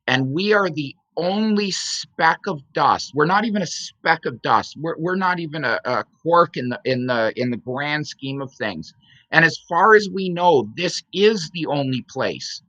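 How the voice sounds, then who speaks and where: A man with a bright, forceful voice answers in a friendly debate. He talks hesitantly and apologetically, restarting often. The recording is dull, dry and lo-fi. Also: mid-range voice, no echo. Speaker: debate guest.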